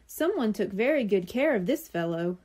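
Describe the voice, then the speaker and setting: A woman doing a kind storybook vet with a soft, mellow voice, calm and reassuring. He talks with a lively lilt. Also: mid-range voice, moderate pace. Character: kind gentle male veterinarian.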